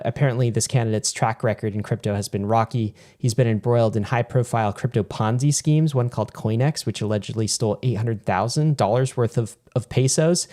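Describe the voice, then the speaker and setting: A man co-hosting a casual podcast, talking in a relaxed way and often hedging his opinions. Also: medium pitch. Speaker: podcast co-host. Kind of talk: casual chat.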